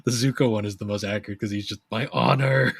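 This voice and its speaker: A young man co-hosting a podcast, telling stories in a rambling, animated way. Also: fairly low pitch, racing. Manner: rambling, animated storytelling with laughs. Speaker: podcast co-host. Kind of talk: casual chat.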